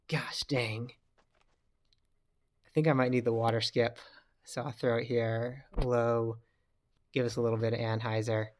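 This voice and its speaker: Brief: male gaming creator, talky play-by-play, mid pitch, loud groans at misses. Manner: chatty, reacts loudly to bad throws. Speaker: gaming YouTuber. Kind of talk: casual gameplay commentary.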